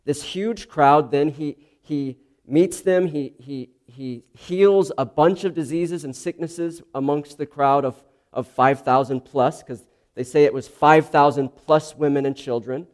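A man's voice: a little high, measured pace, hardly any pauses. A man preaching, first praying and then reading scripture and explaining it in an earnest, conversational way. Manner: earnest, conversational, with restarts and asides. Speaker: pastor. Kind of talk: sermon with prayer and scripture reading.

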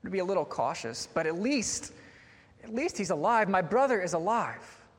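A man with a high voice delivers a sermon in an earnest, questioning manner. His words echo with a long reverb through a church sanctuary. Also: big pitch swings, moderate pace, slightly rough. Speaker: preacher.

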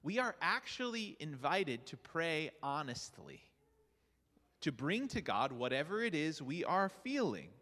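A high, bright male voice preaching with lively, swooping pitch and earnest rhetorical questions. The sound rings with the long reverb of a large church hall. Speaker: pastor. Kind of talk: sermon.

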